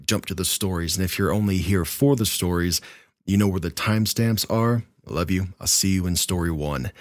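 Low-voiced male horror story narrator. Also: dry recording, clean studio sound. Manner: relaxed and chatty when speaking to listeners. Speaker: narrator of scary stories. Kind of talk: reading submitted stories aloud.

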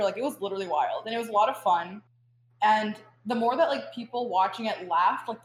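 A woman's voice: mid-range voice, roomy sound, slight background noise, poor audio. A young woman talking casually as a guest, telling a story in a chatty, rambling way full of fillers and laughter. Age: young adult. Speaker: guest student. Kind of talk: casual chat.

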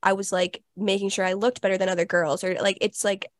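A woman's voice: medium pitch, level tone, fairly quick, no echo, studio quality. A young adult woman hosting a podcast, telling a personal story in a casual, chatty way with lots of "like" fillers. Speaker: podcast host. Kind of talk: casual conversational interview.

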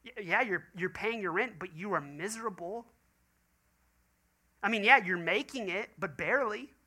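A man, a pastor preaching a sermon and telling stories in acted quoted voices. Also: high-pitched. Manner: animated storytelling with quoted voices.

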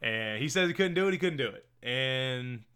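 Bright-voiced man chatting about movies. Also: mid-range voice, moderate pace, smooth. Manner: animated, laughing, enthusiastic. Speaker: podcast co-host. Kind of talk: casual movie review chat.

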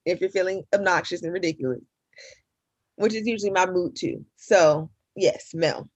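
A woman's voice: on the low side, normal speed, breathy edge, dry recording, muffled recording. A woman co-hosting a comedy podcast, blunt and joking, with crude slang. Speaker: podcast co-host. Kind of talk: casual comedy podcast chat.

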